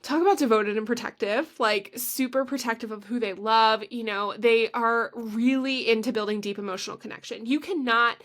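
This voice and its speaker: Bubbly higher-voiced woman podcast host. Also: normal speed, hardly any pauses, fairly bright tone. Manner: chatty and gushing, heavy use of "like"; laughs often mid-sentence. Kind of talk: casual chat.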